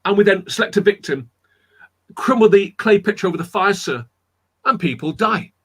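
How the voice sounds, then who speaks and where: A man's voice: high voice, lively intonation, moderate pace, a bit bright, husky, voice pushed up, exaggerated voice. A man voicing a fourteen-year-old girl who confesses deferentially, repeating "sir". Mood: pleading.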